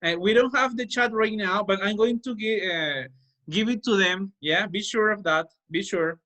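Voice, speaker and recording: A man leads his class over a video call in a bright, fairly high voice. He hesitates and fills his pauses as he gives instructions, and the sound is dry and close. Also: no echo. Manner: hesitant, with many fillers, switching between Spanish and English. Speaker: English teacher.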